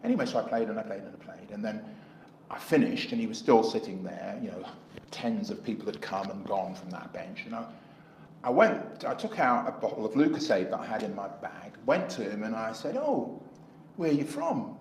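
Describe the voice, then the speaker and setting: A man's voice: on the low side, brisk, roomy sound, a little hiss or hum, rough recording. A middle-aged man with an English accent, an independent election candidate answering interview questions in a rambling way, acting out dialogue as he tells stories. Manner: rambling, acts out dialogue in anecdotes.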